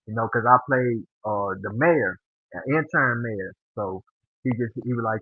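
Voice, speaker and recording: A man's voice: mid-range voice, brisk, dry recording. A man guest telling a long story in casual slang, acting out the voices of the people he quotes. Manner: animated, acts out quoted dialogue; relaxed informal slang. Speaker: podcast guest. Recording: dry, phone-like narrow sound.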